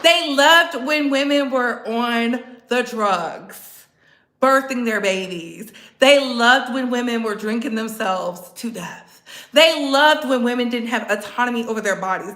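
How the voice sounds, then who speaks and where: A woman's voice: fairly high pitch, expressive, a little slow, fairly bright tone, echoey room. A woman vlogger giving mocking, sarcastic political commentary, repeating lines for emphasis and laughing between them.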